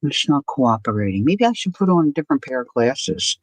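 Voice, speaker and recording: Her voice is extremely low and sing-song, moving at a brisk clip with no room sound. She hosts an easygoing art journaling stream, chatting to herself while crafting and calling out viewers by name.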